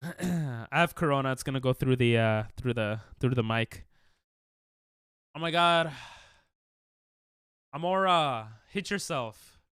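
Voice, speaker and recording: A young man streams a game while sick, coughing between jokes and answers to chat. His voice is smooth and resonant, and his pitch jumps around a lot. It is recorded close and dry. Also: expressive, slow pace, long pauses, a bit bright, dry recording. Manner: casual, jokey, reads and answers chat. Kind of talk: live-stream gaming chat.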